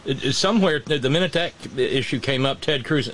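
A man's voice: mid-range voice, a little fast. Guy hosting a chat show, jokey, voice jumps around a lot, bit of hiss behind. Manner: animated, jokey, does mocking quote voices. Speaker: podcast host. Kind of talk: casual chat.

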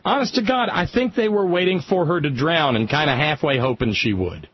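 A man hosting a radio talk show with a lively, rising and falling voice. He speaks with passion and keeps stumbling and restarting his sentences. The sound is muffled and lo-fi, like an old radio broadcast. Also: a little high, fairly quick, slight background noise. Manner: impassioned, stammering restarts.

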